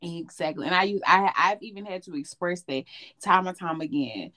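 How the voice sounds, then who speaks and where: A woman co-hosting a casual chat, telling animated and profane stories about her relationships. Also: lowish voice, normal speed. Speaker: podcast co-host.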